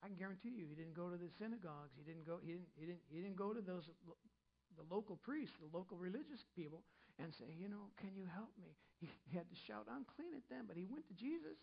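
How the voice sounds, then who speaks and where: A woman's voice: on the low side, expressive, quick pace, gravelly, dull audio. A woman preaching a sermon in a conversational way, often repeating her phrases and adding humorous asides.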